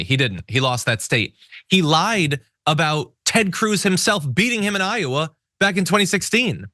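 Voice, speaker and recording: A man's voice: fairly high pitch, pushed and bright, no room sound, clean studio sound. A man hosting a political commentary show, talking in an emphatic, indignant way with stumbling restarts. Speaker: host.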